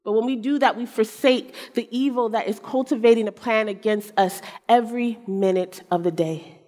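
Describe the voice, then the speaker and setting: A woman preacher telling a personal story in a sermon, animated and self-mocking, acting out the people in it. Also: fairly high pitch, moderate pace. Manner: animated, acts out quotes, self-mocking humor. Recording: long hall reverb.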